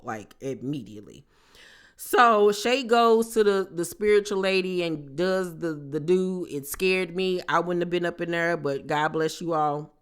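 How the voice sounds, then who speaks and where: A woman recapping a reality TV episode in a casual, animated, gossipy way, with slangy exclamations. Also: sits low. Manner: animated, gossipy retelling with acted-out quotes.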